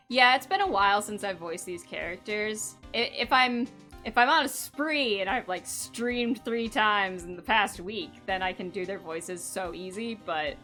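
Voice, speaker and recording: Giggly, bright-voiced woman streamer. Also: medium pitch. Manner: giggly, chatty, animated. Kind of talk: casual live-stream chat.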